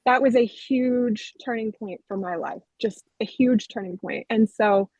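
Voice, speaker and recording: A woman with a high-ish, darkish voice speaks unhurriedly as a podcast guest, telling her life story earnestly and candidly in an interview testimony. The sound is dull, dry and lo-fi, with no echo.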